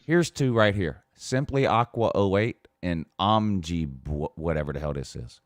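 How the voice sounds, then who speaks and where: A man's voice: deep voice, expressive, normal speed, no echo, clean studio sound. A man hosting a casual show, reading viewer comments aloud in a mocking tone and often laughing. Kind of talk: casual chat.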